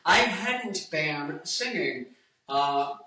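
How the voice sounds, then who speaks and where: A man's voice: on the high side, lively intonation, very slow, sharp tone, distant mic. A man in his twenties, a singer and guitarist, chatting to camera in a rambling, self-interrupting, joking way. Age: 20s. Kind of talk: casual chat to camera. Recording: echoey room, away from mic, faint music.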